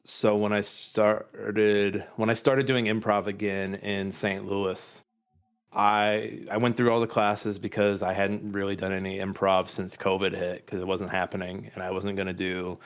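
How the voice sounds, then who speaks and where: This is casual storytelling from a thirtysomething dad who does improv and co-hosts a podcast. His low-ish, level voice is unhurried and clean as he rambles through a self-mocking tale, swearing and starting over at points.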